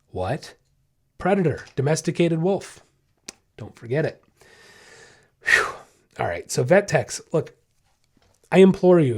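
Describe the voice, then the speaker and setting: A man's voice: mid-range voice, darkish tone. A man hosting a podcast about dogs, telling a story in a blunt, frank and emphatic way. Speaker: podcast host and dog trainer. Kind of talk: casual podcast monologue.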